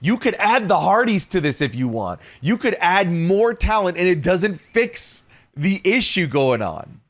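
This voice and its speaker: A man's voice: high-pitched, very animated, unhurried. A man co-hosting a wrestling podcast in casual chat, emphatic and argumentative.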